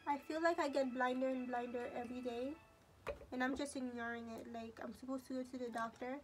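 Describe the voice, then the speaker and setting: High, flat-toned teenage girl vlogging. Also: brisk, music in the background. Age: teens. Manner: chatty, narrates each step as she goes. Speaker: beauty vlogger. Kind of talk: casual makeup tutorial talk-through.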